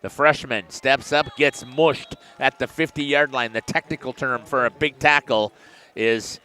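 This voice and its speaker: A man doing play-by-play commentary for a local high school football game, getting louder and higher on big plays. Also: unhurried, smooth. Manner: excited rising calls on big plays. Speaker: play-by-play announcer.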